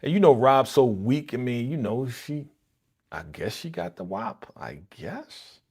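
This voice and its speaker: A young man hosting a live reaction stream, talking casually and excitedly with slang and lots of laughter. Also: mid-range voice, unhurried, vocal fry, husky. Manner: animated, laughing, slangy, recaps with quoted lines.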